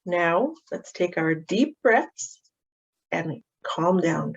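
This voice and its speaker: A woman practitioner gently and patiently walking parents through a calming activity for children, with frequent ums. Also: fairly low pitch, drawn-out words, gravelly. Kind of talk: instructional walkthrough of a calming activity. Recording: dull, muffled audio.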